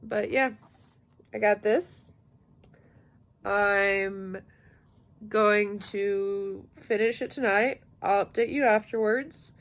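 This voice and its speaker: A woman's voice: steady tone, takes it slowly, long pauses. Young female booktuber, exhausted and drowsy, chatting casually at night. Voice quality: sleepy, low-energy delivery. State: tired, yawning. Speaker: book vlogger. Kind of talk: casual late-night vlog.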